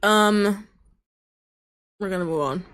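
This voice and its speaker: Slow-talking woman streamer, laughing. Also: mid-range voice. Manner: laughs often, swears freely, reacts loudly. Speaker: streamer playing visual novels. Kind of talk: casual gameplay commentary, reading dialogue aloud.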